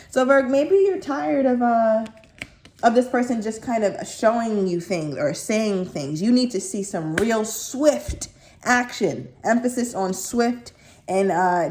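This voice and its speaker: A woman reading tarot cards for viewers in a chatty, animated way, with playful acted-out asides. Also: a little high. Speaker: tarot reader.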